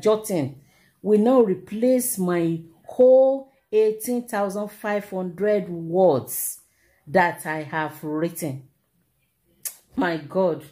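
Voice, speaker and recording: Mellow-voiced Nigerian woman telling a story. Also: on the low side. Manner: animated, exclamatory, repeats herself for emphasis. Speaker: vlogger. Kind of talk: casual storytelling to camera.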